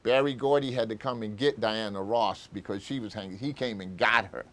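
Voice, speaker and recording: Older man, interview storyteller, low voice, rambling, acts out dialogue. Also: a little fast, fairly bright tone. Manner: rambling, full of fillers, acts out old conversations.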